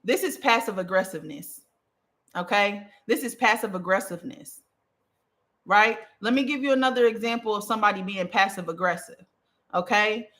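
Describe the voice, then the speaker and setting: A woman coaching on communication in a casual teaching talk, emphatic and animated, checking in with the listener after nearly every point. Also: medium pitch, normal speed. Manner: emphatic, checks in with "okay?" and "right?"; animated, punchy delivery.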